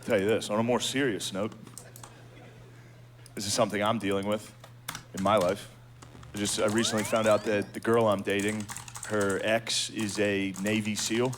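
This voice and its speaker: A man's voice: fairly low pitch, flat delivery, normal speed, long pauses. Profane self-mocking stand-up comedian, man. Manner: profane, self-deprecating storytelling. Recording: clear background noise.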